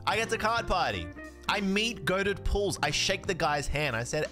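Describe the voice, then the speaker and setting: A man's voice: high-pitched, normal speed, over music. A man, a card streamer, telling a story in a casual way, acting out the dialogue and swearing now and then. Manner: animated, swears, laughs, acts out dialogue.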